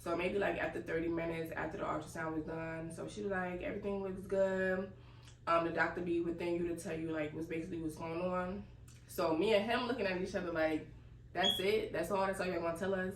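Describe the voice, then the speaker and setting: A young woman telling a casual, animated story and laughing as she goes. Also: on the low side, a little fast. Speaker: vlogger. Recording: echoey room, distant mic, faint noise.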